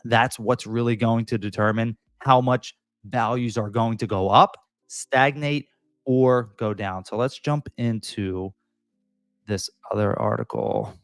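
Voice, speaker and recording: A man's voice: mid-range voice, measured pace, fairly bright tone, dry recording, soft background music. Rambling Philly-accented man, dry sound. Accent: Philadelphia. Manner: conversational, rambling with fillers and restarts. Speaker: real estate broker livestream host. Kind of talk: casual livestream commentary.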